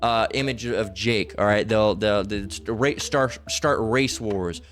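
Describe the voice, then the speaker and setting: Low-voiced man rambling with "all right?". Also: a little slow, a bit bright, faint music behind. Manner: loose and rambling, keeps asking "all right?". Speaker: religious commentator. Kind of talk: casual spoken commentary.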